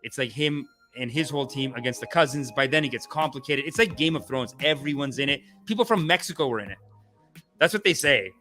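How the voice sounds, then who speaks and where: A man's voice: mid-range voice, a little fast, soft background music. A man hosting a comedy talk stream, ranting casually, swearing, and slipping into voices. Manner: animated, swears, acts out voices. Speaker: comedian host.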